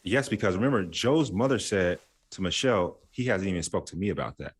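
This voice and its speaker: A man hosting a relaxed podcast chat. His voice is low, and he tells stories with a joking, folksy touch. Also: fairly quick, breathy edge. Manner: joking storyteller, folksy asides. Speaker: podcast host. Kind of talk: casual chat.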